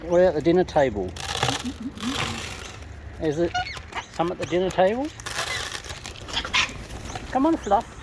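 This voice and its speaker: A man, chatting playfully to wild birds while feeding and filming them, his calls leaping up high as he coaxes them closer. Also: normal speed, long pauses, very noisy. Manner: playful coaxing, voice leaps high when calling birds. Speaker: bird-feeding vlogger. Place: outdoors feeding wild cockatoos.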